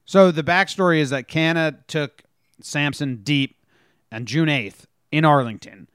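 Animated man telling sports stories. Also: a little high, measured pace, clean tone, dry recording, studio quality. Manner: animated storytelling, acts out players' lines. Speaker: podcast co-host. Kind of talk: casual sports chat.

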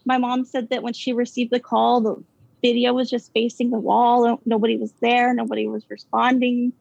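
A woman with a fairly high, fry-tinged voice recounts a ghost story, stopping and restarting with plenty of fillers. The sound is dull and lo-fi, with a close, dry room. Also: level tone, darkish tone, no room sound. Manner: halting, filler-heavy, nervous laughs. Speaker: caller telling a ghost story. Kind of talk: casual storytelling.

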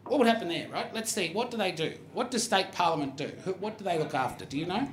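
A man hosting a live comedy show, animated and full of swearing. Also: high voice, quick pace, reverberant. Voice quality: profane, animated. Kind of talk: live comedy panel banter. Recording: audience laughter throughout. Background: live audience laughter.

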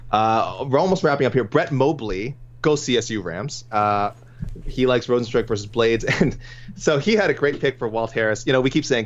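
A man co-hosting a casual sports podcast, chatting loosely and chuckling as he reads through listener suggestions. His voice sits at an ordinary middle pitch. The audio is a little dull and lo-fi. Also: expressive, normal speed, slight background noise. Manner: chatty, chuckling, many restarts. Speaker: podcast co-host reading listener picks.

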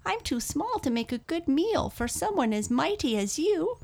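A woman voicing a tiny, timid male mouse in a high, pleading squeak for a storybook tale. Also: big pitch swings, normal speed, creaky, a little mellow, heavily acted.

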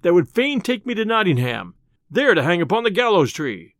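A man's voice: high-pitched, very animated, normal speed, no room sound, clean studio sound. A man voicing a merry, bold male outlaw leader in a storybook reading, hearty and boisterous.

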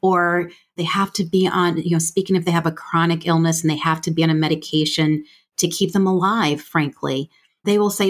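A woman's voice: sits low, fairly even intonation, moderate pace. Frank, plain-spoken woman explaining. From United States. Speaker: healthcare finance expert guest. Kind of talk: conversational explaining.

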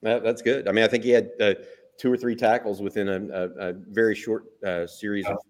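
Deep-voiced sports show host. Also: male voice, little pitch movement, fairly quick. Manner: conversational, asks questions with tag "right?". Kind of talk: casual sports talk.

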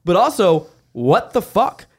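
A man's voice: high-pitched, sing-song, a little slow, breathy edge. A young man co-hosting a podcast in chatty, swearing casual talk. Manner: chatty, swears, questions himself aloud. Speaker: podcast co-host. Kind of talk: casual chat.

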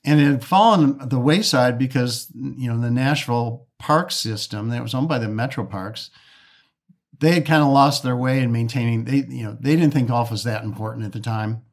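A man's voice: mid-range voice, moderate pace. A man from the Detroit area, a golf course architect, telling stories in a casual interview, often restarting and acting out quoted dialogue.

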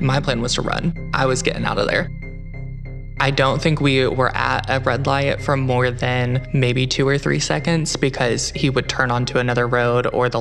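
A young man telling his own true story in the first person, in an earnest, measured way. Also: mid-range voice, gravelly. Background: music.

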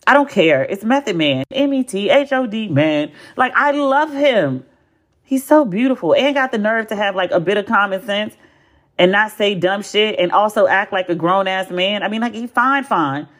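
Podcast host: American woman, 40s, mid-pitched, blunt and profane, talks in lively, emphatic casual chat. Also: moderate pace. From United States.

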